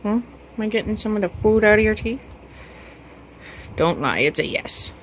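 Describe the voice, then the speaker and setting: A woman's voice: medium pitch, lively intonation, moderate pace, slight background noise. A woman at home talking to her pets in a teasing, sing-song baby-talk voice. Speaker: pet owner filming her animals. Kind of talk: casual pet talk.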